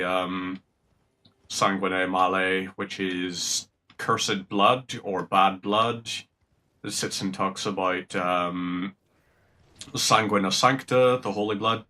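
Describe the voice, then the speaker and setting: A man's voice: fairly low pitch, sharp tone. A young man with a Northern Irish accent chatting casually and rambling while he streams a game, swearing now and then. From Northern Ireland. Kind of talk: casual gameplay chat.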